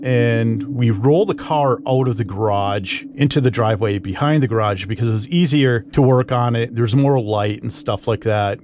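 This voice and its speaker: A man's voice: on the low side, darkish tone, slight background noise. A man telling a personal ghost story in a rambling, conversational way, full of fillers and asides.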